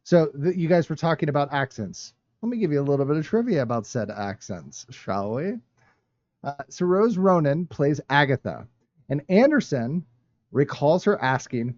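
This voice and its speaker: A playful man hosts a casual film panel, his voice fairly high and very lively in pitch. The sound is dry and a bit dull, like a lo-fi stream. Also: normal speed, no echo. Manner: playful, laughs often, breaks into silly voices. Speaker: podcast host. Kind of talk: casual panel chat with movie trivia.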